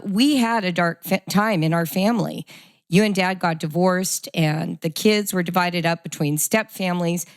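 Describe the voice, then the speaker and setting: A middle-aged woman hosting a podcast, telling a family story and leading into questions in an animated, conversational way. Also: on the low side, no room sound, studio quality. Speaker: podcast host. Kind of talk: conversational interview.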